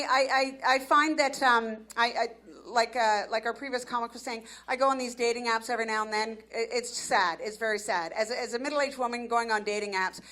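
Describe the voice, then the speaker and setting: Brash high-voiced woman comic in her fifties. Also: pushed and bright. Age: 50s. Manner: brash, self-mocking, playing to the crowd. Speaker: stand-up comic. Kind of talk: stand-up comedy set. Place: comedy club stage before a live audience. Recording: live club recording with audience noise.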